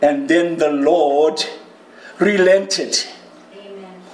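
A man preaching a sermon to a congregation and viewers at home, crying out quoted prayers loudly and joking with his listeners. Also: a little high, drawn-out words. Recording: roomy hall with faint ambience.

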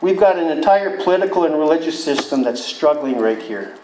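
A man voicing a calm male teacher who gently scolds his followers in a low, steady voice. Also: fairly quick, a little hiss or hum, natural voice. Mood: chiding. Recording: echoey room.

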